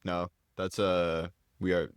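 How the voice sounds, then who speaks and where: A man co-hosting a casual podcast, laid-back and agreeable. He talks slowly in a low voice, close and dry on the mic. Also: level tone, clean tone, no room sound. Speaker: podcast co-host.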